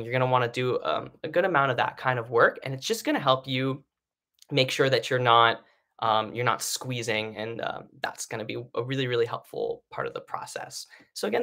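A male vocal coach talks through breathing exercises in a relaxed, conversational lesson. His tone is bright and forward at an ordinary middle pitch, and he keeps checking in with "right?" between his points. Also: creaky. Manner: casual explaining with many fillers and "right?" checks. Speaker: singing teacher. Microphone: live stream setup.

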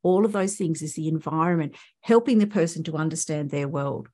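A woman's voice: low-pitched, a little fast, dark tone. A woman with an Australian accent, a speech pathologist giving a conference presentation and explaining points with rhetorical questions to the audience.

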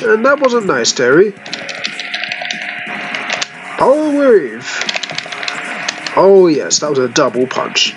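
A man hosting a let's play, excitedly commenting on a fighting game and calling out special moves as he plays. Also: medium pitch, rough recording. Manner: thanks himself with repeated thank-yous after wins. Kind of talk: gameplay commentary.

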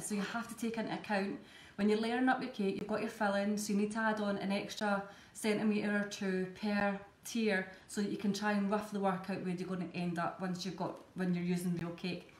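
A woman's voice: mid-range voice, flat delivery, fairly quick, few pauses. Chatty Scottish woman demonstrating cake stencils. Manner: chatty, explains step by step. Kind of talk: live tutorial demonstration. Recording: echoey room, faint background ambience.

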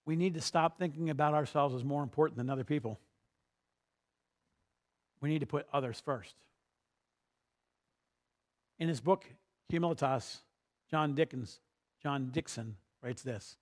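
Higher-voiced man preaching a sermon. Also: normal speed, long pauses. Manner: storytelling, rising to emphatic peaks. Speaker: pastor.

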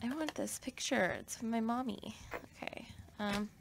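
A woman's voice: fairly high pitch, normal speed, vocal fry, noisy background. A woman giving casual, self-mocking commentary while playing a game, often mumbling to herself. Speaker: let's play gamer.

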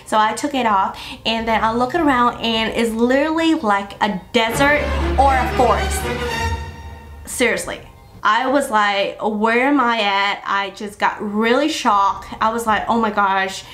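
A young woman beauty vlogger telling a personal story to her viewers in a chatty, animated way. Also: a little high, a little slow, faint music behind. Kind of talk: casual storytelling to camera.

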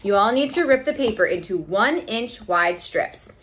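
A woman reading a storybook aloud, voicing a calm, patient schoolteacher who explains things in a soothing way. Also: medium pitch, moderate pace, a little hiss or hum, close to an everyday voice.

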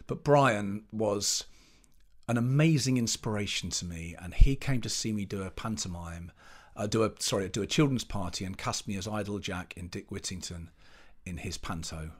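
A man, a pantomime performer chatting as an interview guest, telling animated anecdotes and restarting as he searches for words. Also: lowish voice, normal speed. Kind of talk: casual interview chat.

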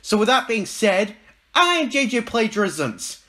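High-voiced sarcastic male host. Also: big pitch swings, a little slow, sharp tone. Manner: sarcastic, mock-dramatic. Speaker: YouTube host. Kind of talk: reaction commentary.

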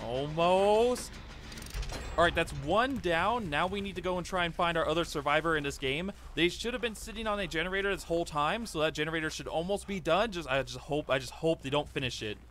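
Excitable young man commentating gameplay. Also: on the high side, fairly quick, background noise. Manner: excitable, pleading and cheering during play. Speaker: gaming YouTuber.

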